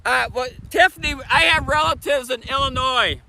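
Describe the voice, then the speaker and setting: A man with a Michigan accent chatting fast and casually on a livestream, sitting outdoors on a bench by a bridge. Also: extremely high pitch, creaky, pushed and bright, a little hiss or hum, low-quality recording. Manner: talks fast, chatty, laughs often. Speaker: streamer. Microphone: phone camera on a tripod.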